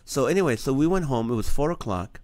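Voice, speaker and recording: A man's voice: medium pitch, lively intonation, fast talker, darkish tone, no echo. A man hosting his own live show, telling a personal story with earnest energy and acting out the dialogue. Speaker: comedian hosting a nightly live stream. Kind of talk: storytelling testimony to a live audience.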